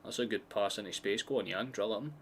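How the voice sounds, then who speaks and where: A man's voice: lowish voice, fast talker, slight background noise. Sweary Scottish man calling a match. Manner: excitable, sweary, chatty asides. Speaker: streamer hosting a match watchalong. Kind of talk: live casual football commentary.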